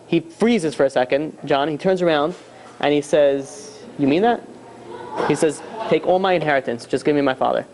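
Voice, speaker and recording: A man's voice: on the high side, moderate pace, a little mellow, slight background noise. A man, a rabbi, telling a story to a class and acting out the dialogue with lots of restarts.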